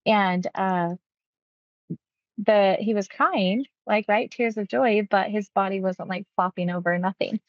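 A woman's voice: medium pitch, unhurried, dry recording, lo-fi sound. A woman hypnotist casually retelling a client session, acting out the quoted lines with animation.

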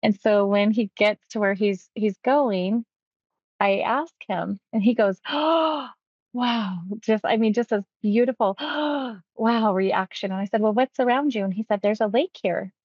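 A woman hypnotherapist recounting a client's session, talking quickly and acting out quotes. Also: mid-range voice, no room sound, dull audio. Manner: quick, animated retelling with acted quotes. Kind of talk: storytelling about a client session.

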